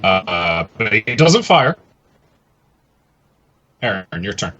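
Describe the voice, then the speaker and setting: A low-pitched man narrates as dungeon master, his tone bright and forward with a husky edge. He describes the scene in a loose, rambling way, full of fillers. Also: very animated, takes it slowly, highs cut off. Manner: loose and chatty, many likes and ums. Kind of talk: narrating a tabletop game.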